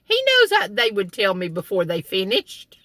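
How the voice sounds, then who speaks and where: A woman voicing an indignant elderly mother who protests in a high, insistent voice. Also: huge pitch swings, moderate pace, fairly bright tone, no room sound. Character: indignant elderly mother, feisty and sure of herself.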